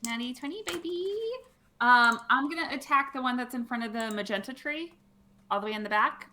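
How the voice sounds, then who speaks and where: A woman's voice: fairly high pitch, fairly quick, pushed and bright, a little hiss or hum. A woman playing a tabletop game, playful and eager as she describes her character's moves. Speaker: player. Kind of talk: casual tabletop play.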